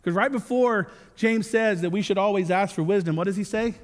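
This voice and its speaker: A man in his thirties delivers a sermon in a high, bright-toned voice. He is earnest but slips in joking asides. His words ring out with the long reverb of a large church hall. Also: fairly quick. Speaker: pastor.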